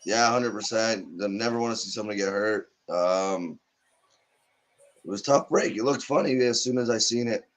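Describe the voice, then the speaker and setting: A man co-hosting a live watch party in casual chat, mostly giving short replies and quick asides. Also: lowish voice.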